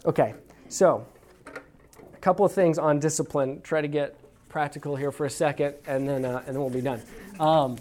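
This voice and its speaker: A man's voice: a little high, steady tone, moderate pace, warm tone. A man from Texas teaching a church parenting class in an earnest, folksy way, with many restarts as he tells stories. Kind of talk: conversational teaching talk with stories.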